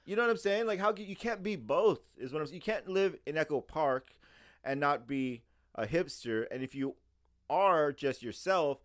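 A man's voice: on the high side, animated, moderate pace. Profane ranting man. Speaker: podcast co-host. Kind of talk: casual chat.

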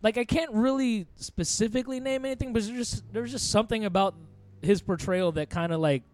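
A man co-hosting a casual podcast, swearing a lot and joking in an animated way. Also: sits high, fairly quick. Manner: profane, animated, jokey. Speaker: podcast co-host. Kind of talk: casual chat.

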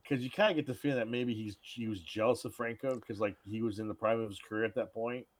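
A man's voice: medium pitch, steady tone, quick pace. Rambling, crude man chatting about films. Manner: rambling, crude, retells scenes with quoted voices. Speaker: podcast co-host. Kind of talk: casual film chat.

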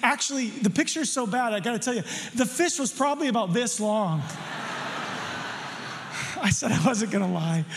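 A middle-aged male pastor preaching a sermon, telling a childhood story in a playful, animated way with jokes for the congregation. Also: high voice, long reverb tail. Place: church sanctuary.

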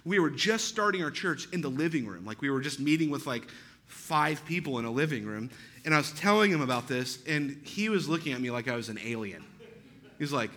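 High, bright-voiced chatty pastor. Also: male voice, expressive, fairly quick. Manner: chatty, self-deprecating, frequent "right?" asides. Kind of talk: sermon storytelling.

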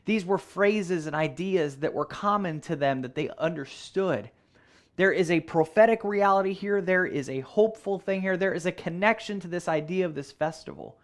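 A man preaching a sermon, earnest, repeating phrases for emphasis and slowing down on key words. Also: sits high. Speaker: pastor.

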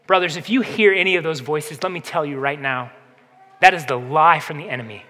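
A man with a high, bright, ringing voice preaches in a long-echoing sanctuary. He presses his listeners with rhetorical questions. He swings between forceful emphasis and hushed, earnest stretches. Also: fairly quick. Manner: impassioned preaching, rhetorical questions, dips to soft intensity. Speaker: pastor. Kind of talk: sermon. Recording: reverberant hall.

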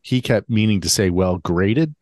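A man with a lowish voice talks at a moderate pace on a dry recording. He co-hosts a podcast and chats casually, telling stories with animation and acting out both sides of an old argument.

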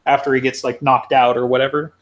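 A man's voice: medium pitch, level tone, fast talker. A man chatting casually about a book on a podcast, rambling with lots of "right?" and "like". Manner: rambling, many fillers and "right?".

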